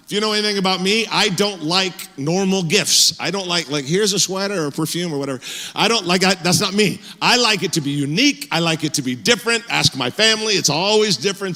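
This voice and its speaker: Middle-aged male pastor, lively conversational sermon, slightly high, ringing church hall. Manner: animated, conversational, frequent fillers and restarts. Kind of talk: sermon with personal storytelling. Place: church sanctuary.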